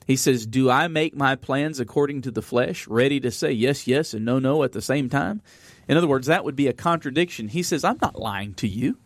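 A man's voice: medium pitch, fairly quick, dry recording. A man hosting a Bible study, reading verses aloud and then explaining them in an easygoing way, with frequent fillers. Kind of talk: conversational Bible teaching.

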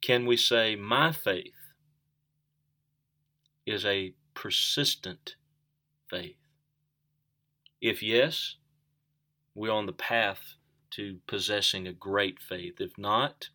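Slow bright-toned male preacher. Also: fairly low pitch, steady tone. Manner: earnest, repeats phrases, rising emphasis on questions. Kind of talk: sermon.

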